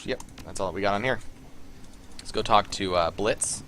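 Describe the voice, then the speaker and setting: A man hosting a let's play, giving relaxed, rambling commentary full of ums and side remarks. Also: lowish voice, moderate pace, a little hiss or hum. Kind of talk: casual gameplay commentary.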